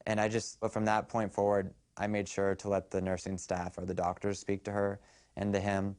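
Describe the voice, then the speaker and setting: A young man in a documentary interview, recalling a loss in a halting, quiet way. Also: on the low side, monotone, smooth, no room sound, studio quality. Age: young adult. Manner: halting, quiet, grief-stricken recollection.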